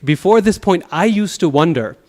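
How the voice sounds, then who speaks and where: A man teaching a Sanskrit class at a temple, telling anecdotes in an animated way with chuckles and restarts. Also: sits high, normal speed. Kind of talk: lecture with anecdotes.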